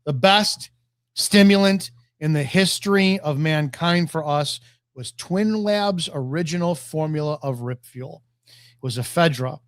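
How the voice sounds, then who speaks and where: A man's voice: a little high, measured pace, dry recording, clean studio sound. A man in his forties, a podcast guest telling blunt, profane stories in casual chat.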